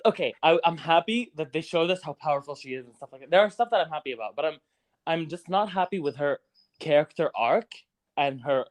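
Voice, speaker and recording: A man's voice: on the high side, animated, a little fast. A man co-hosting a podcast, chatty and reflective as he weighs up a film. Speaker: podcast co-host. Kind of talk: casual movie review chat.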